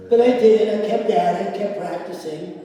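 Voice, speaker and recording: A middle-aged man giving a sermon, telling personal stories slowly with laughter. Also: high voice, mellow, lo-fi sound. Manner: slow, storytelling with laughs. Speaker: spiritual speaker. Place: large hall with audience. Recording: echoey hall, distant mic.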